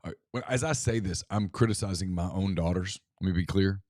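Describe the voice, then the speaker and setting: A man's voice: deep voice, brisk, darkish tone, dry recording, studio quality. A middle-aged man co-hosting a casual sports talk show, chatty and exasperated with laughing asides. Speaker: co-host.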